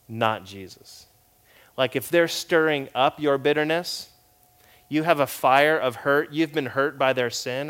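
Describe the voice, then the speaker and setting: A man preaching a sermon in a conversational, storytelling way, and his volume swings between loud and quiet. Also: mid-range voice, clear, resonant tone. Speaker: pastor.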